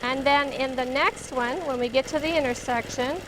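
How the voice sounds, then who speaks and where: A woman's voice: sits high, normal speed. A woman teaching longarm quilting, narrating each step chattily as she stitches in her studio. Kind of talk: hands-on demonstration. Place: quilting studio beside a running longarm machine. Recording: steady machine noise behind the voice. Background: longarm sewing machine hum.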